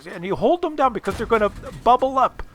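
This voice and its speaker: A man's voice: very high voice, lively intonation, fast talker, a little hiss or hum, pitched above the performer's own voice. A man doing his eager older dad. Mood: insistent. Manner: eager, insistent, repeats himself. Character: enthusiastic older father explaining his cooking.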